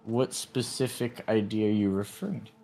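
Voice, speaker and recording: A man's voice: on the low side, steady tone, normal speed, warm tone, faint music behind. A man chatting late at night while gaming with friends, playful, joking and giggly.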